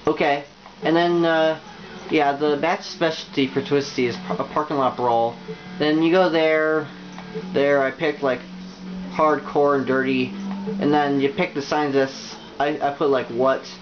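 Young male YouTuber, rambling and halting, dull lo-fi recording over music. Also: on the high side, steady tone. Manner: rambling, halting, many fillers and restarts. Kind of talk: casual game tutorial.

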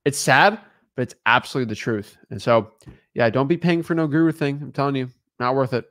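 A man co-hosting a casual livestream, upbeat and chatty, giving viewers shout-outs with plenty of fillers. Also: mid-range voice, brisk. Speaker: co-host of a wholesaling livestream.

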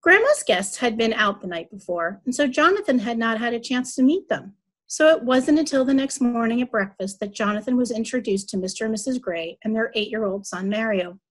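A woman reading a children's story aloud during a church service. Her voice sits a little high, and she narrates in an even, clear storytelling manner with a steady pace. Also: brisk.

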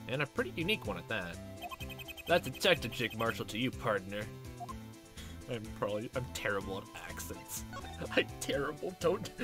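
A man playing a fan-made game and commenting, rambling and joking with the odd swear. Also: medium pitch. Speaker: let's player. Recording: game music playing behind.

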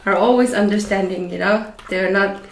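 A food vlogger from Northeast India eats at home while laughingly telling funny stories in an animated way. Her medium-pitched voice moves at normal speed, the echoey room picking up background noise and a faint clatter of dishes.

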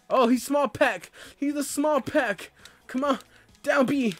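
A young man giving casual gameplay commentary as a let's player, with loud excitable outbursts and a lot of laughing. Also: extremely high pitch, a little slow. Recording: faint game music behind.

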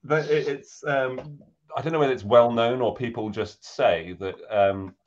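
A man's voice: medium pitch, fairly even intonation, a little slow, dull audio. An English man co-hosting a talk show, telling rambling jokes in a casual way. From England. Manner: joking, rambling storyteller. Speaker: co-host. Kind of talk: casual joking chat.

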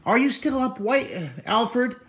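A man who teaches drawing, chatting in an excitable, rambling way on a live stream, filmed on a handheld phone in a friend's house. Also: very high voice, slow. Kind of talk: live-streamed casual chat. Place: living room of a friend's house. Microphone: handheld camera phone.

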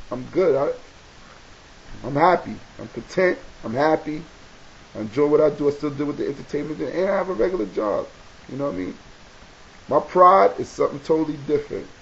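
A man with a New York accent giving a casual advice talk to camera, animated and preachy, repeating key points for emphasis. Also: on the high side, normal speed, creaky. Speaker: video blogger. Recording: dull lo-fi webcam audio with faint hiss.

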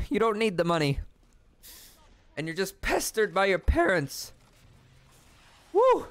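Young man, gaming vlogger, confessional ramble, heavy swearing, self-deprecating, faint background noise. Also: medium pitch.

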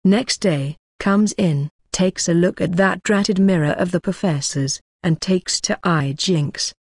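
A woman's voice: lowish voice, a little slow, slightly rough, dry recording, clean studio sound. A woman voicing a drunken, self-pitying male manservant who rambles thickly in broken grammar, in a storybook reading. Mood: aggrieved.

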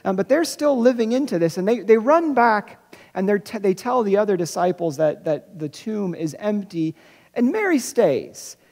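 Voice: mid-range voice, expressive, gravelly, darkish tone. Searching preacher in an echoing church. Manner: searching, repeats words and restarts, slows for emphasis. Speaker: pastor. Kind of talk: Easter sermon. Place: church sanctuary. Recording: long reverb of a church hall.

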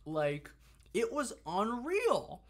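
A young man co-hosting a casual podcast, telling a story with animated, profane energy. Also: high-pitched, extremely slow. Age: young adult. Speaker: podcast co-host.

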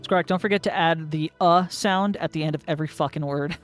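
A man's voice: a little high, fairly quick, soft background music. Blunt, cursing player man. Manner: blunt, swears freely, jokey. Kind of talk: casual chat between players.

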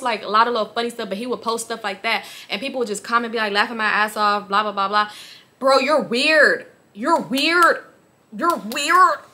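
A young woman from the Los Angeles area telling a story to her viewers, animated, slangy and profane, speaking straight to them. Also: fairly high pitch. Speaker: storytime vlogger.

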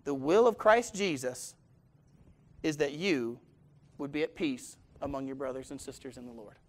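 A man's voice: mid-range voice, normal speed. A man preaching a sermon as pastor, telling stories, putting questions to the congregation and chuckling now and then.

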